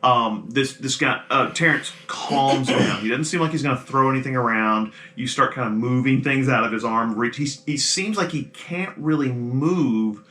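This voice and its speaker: Bright-voiced man running a tabletop game. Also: medium pitch. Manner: loose, halting narration with many "um"s and restarts. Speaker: game master. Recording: echoey room.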